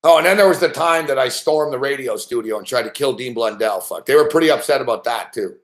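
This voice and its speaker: A man's voice: medium pitch, lively intonation, fast. A man hosting a sports betting show, telling rambling, profanity-laced anecdotes with frequent laughs. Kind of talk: casual storytelling on a live stream.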